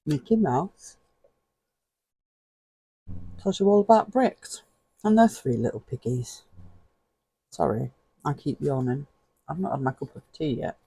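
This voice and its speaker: A relaxed man talks slowly in a low-key, mellow voice that carries a husky, gravelly grain. He leafs through pages as he chats directly to the viewer and chuckles often. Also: a little hiss or hum, rough recording. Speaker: vlogger. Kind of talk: casual flip-through commentary.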